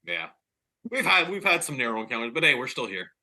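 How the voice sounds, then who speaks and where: A man guesting on a podcast, laid-back and joking. His pitch swings widely, and his tone is very bright and sharp. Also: sing-song, a little fast. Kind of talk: casual chat.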